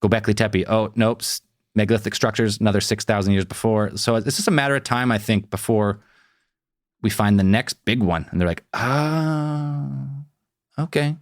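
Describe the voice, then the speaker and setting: A man's voice: fairly low pitch, no echo, studio quality. A man co-hosting a podcast, rambling and swearing freely in casual chat. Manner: rambling, swears, quick to joke. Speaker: podcast co-host.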